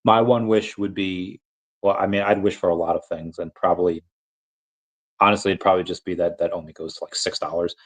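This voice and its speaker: A man's voice: low voice, steady tone, quick pace. A young man hosting a casual livestream, reading chat aloud in a rambling, playful way and often stumbling over repeated words.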